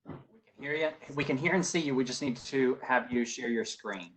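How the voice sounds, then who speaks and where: A man's voice: mid-range voice, a bit bright, a little hiss or hum. Southern US man hosting a webinar. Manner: polite, brisk questions. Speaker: webinar host. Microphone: video call.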